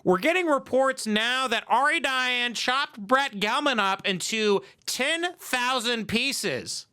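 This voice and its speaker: A man's voice: very high-pitched, animated, takes it slowly, sharp tone, clean tone, pitched above the performer's own voice, heavily acted. A man putting on a breathless TV news reporter giving urgent live reports.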